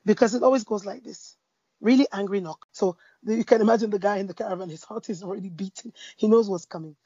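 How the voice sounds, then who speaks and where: A woman speaking about faith in a conversation, telling a parable with lively storytelling, fillers and restarts. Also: medium pitch, fast talker, slightly rough, no echo, highs cut off. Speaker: Christian speaker. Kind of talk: preaching in a conversation.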